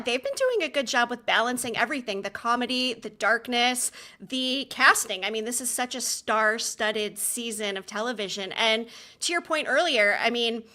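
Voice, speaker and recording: A woman in her forties chatting enthusiastically as a co-host. Her voice sits a bit high and sounds bright and crisp. She offers her opinions in a quick, chatty way. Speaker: podcast co-host. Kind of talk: casual TV recap chat.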